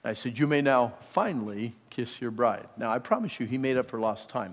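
A middle-aged male preacher with a gravelly, fry-laden voice, delivering an emphatic sermon. He drops to near-hushed confiding tones, then surges loud. His words ring out with the long reverb of a big hall. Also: mid-range voice, brisk, few pauses. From Pennsylvania.

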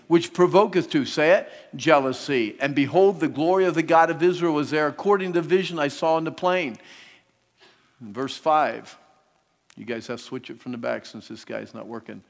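A man preaching a sermon to teenagers, swinging between hushed, close talk and loud, animated stretches. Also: fairly high pitch, normal speed. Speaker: youth speaker. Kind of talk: sermon to teens. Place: large hall. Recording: long hall reverb.

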